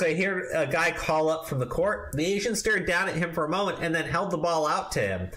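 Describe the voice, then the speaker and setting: A man's voice: on the high side, lively intonation, brisk, fairly bright tone, rough recording. A man hosting a commentary show, reading a post aloud with mocking emphasis, swearing and laughing asides.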